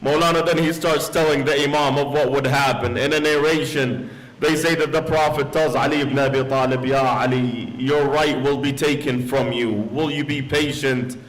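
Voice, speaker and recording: A man's voice: mid-range voice, level tone, normal speed, rough recording. A man preaching as a sheikh in a mosque, telling a solemn story and slipping into quoted Arabic phrases. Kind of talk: sermon.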